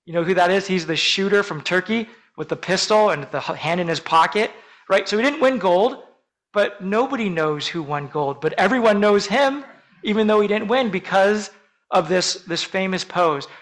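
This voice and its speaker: Man, pastor, sermon, earnest, measured, emphatic pauses, somewhat high-pitched. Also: expressive, a bit bright, rough recording. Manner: earnest, measured preaching with slow emphatic phrases.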